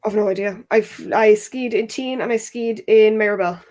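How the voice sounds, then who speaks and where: A woman's voice: mid-range voice, moderate pace. A woman hosting a casual chat, telling stories and asking questions in a chatty way. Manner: chatty, lively storyteller. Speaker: host.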